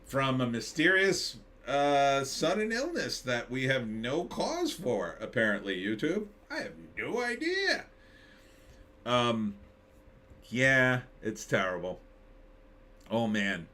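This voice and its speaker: A man's voice: medium pitch, very animated, takes it slowly, pushed and bright. A man hosting a casual live stream, reading chat and joking sarcastically. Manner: sarcastic, jokey, mocking impressions.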